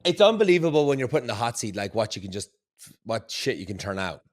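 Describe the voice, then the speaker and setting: Man, podcast host, relaxed, casual swearing, easygoing chat. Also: on the low side, fast talker. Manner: laid-back, swears casually.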